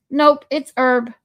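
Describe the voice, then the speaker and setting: The recording has a lo-fi sound, and the woman's voice is high. She hosts a casual livestream, playfully chatting, reading out comments and testing pronunciations.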